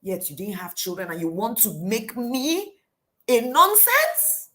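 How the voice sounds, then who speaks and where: A woman playing a young servant girl in despair, her voice pushed up high and loud as she begs and wails near tears. The words come slowly and heavily, stretched out in anguish. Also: huge pitch swings, heavily acted. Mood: taunting. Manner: pleading, wailing, near tears.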